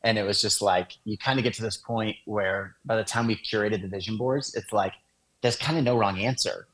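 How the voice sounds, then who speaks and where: A man, an interview guest, explaining in a relaxed casual way with lots of fillers. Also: fairly low pitch, fairly quick, rough recording. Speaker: guest, design agency founder.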